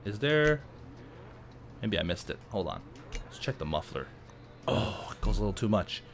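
A man casually commenting while playing a racing game, chatty and jokey with sudden excited outbursts. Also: lowish voice, moderate pace, vocal fry, faint music behind. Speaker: let's play host.

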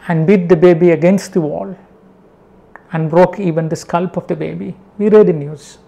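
A man's voice: sits high, gravelly, warm tone. A male preacher delivers a sermon-style talk to his listeners. He speaks emphatically, firing off short rhetorical questions and repeating words for weight. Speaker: Christian preacher. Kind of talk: spoken sermon.

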